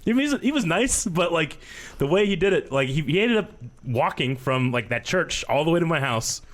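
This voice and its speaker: A man's voice: fairly high pitch, a little fast. A man in his thirties, a podcast co-host, casually telling a story and acting out the people he quotes. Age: 30s. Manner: animated storyteller, acts out voices of people he quotes. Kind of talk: casual chat.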